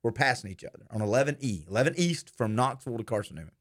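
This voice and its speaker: A man tells a story in casual conversation at a rapid pace. His delivery is brisk and lively, with a voice of middling pitch. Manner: brisk, lively anecdote teller.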